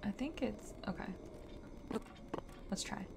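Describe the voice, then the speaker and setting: A woman's voice: mid-range voice, slow pace, gravelly, heavy background noise. A woman casually talking to herself and swearing as she plays a game on a live stream. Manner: chatty, swearing, talks to herself. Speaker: streamer playing a video game.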